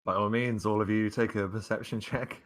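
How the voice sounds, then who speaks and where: Low-voiced game master narrating. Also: male voice, fairly even intonation, moderate pace, fairly bright tone. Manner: descriptive, hesitant with many fillers.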